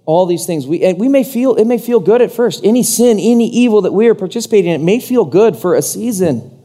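A male pastor preaching a sermon in an animated way, acting out the voices he quotes. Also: high voice, fast talker.

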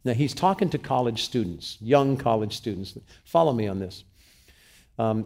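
Middle-aged male pastor, sermon delivery, animated and dramatic, speaks directly to the room. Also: medium pitch, normal speed. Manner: animated preaching, dramatic reading aloud.

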